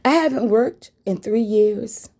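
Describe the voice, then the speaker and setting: A woman's voice: on the high side, a little slow, dark tone. A woman telling a story to her viewers in a blunt, frank way, with swearing. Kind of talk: casual story time.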